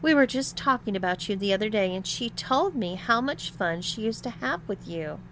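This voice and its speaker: A woman's voice: medium pitch, expressive, normal speed, a little hiss or hum, lightly acted. A woman voicing a playful young girlfriend with a light, coaxing way of talking.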